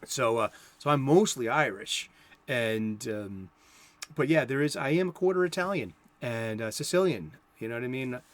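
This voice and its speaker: A man's voice: mid-range voice, lively intonation, normal speed, dry recording. Rambling Boston man chatting. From South Boston, USA. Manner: rambling, self-interrupting, chatty. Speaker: comic book talk host. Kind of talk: casual rambling monologue.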